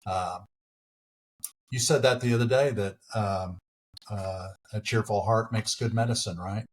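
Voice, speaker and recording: Middle-aged guy, lowish voice, chatty storyteller, pokes fun at himself. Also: unhurried, a little hiss or hum. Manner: anecdotal, self-deprecating humor. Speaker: podcast guest, actor and preacher. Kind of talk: casual interview.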